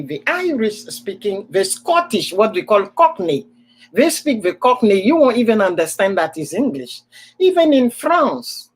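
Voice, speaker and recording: A woman's voice: medium pitch, slightly rough, poor audio. A woman with an African accent, telling a personal story as a host in a casual chat, repeating words for emphasis.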